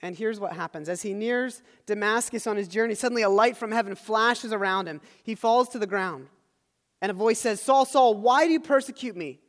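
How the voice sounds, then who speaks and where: In a large church hall full of long reverb, a pastor delivers a sermon in a high, slightly fast, fairly bright voice. He tells a scripture story conversationally and throws in remarks to the congregation.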